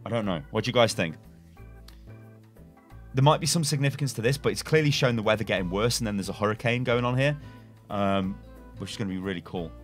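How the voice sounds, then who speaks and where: A man's voice: fairly low pitch, quick pace, pauses often, soft background music. A young man, a gaming YouTuber, casually reading game lore aloud and speculating, rambling with self-corrections and chuckles, at a desk webcam setup.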